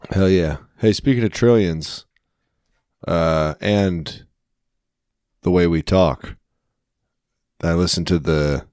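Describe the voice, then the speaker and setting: A man's voice: deep voice, slow, pauses often, a little mellow, dry recording, clean studio sound. A man co-hosting a podcast, chatting casually and joking in a rambling way. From United States. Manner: jokey, rambling, laughs often. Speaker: podcast co-host. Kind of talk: casual chat.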